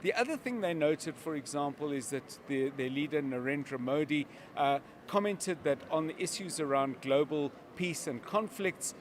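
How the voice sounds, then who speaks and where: A man giving live news commentary as a media analyst, explaining in a measured way with examples. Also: fairly high pitch, expressive, a little hiss or hum.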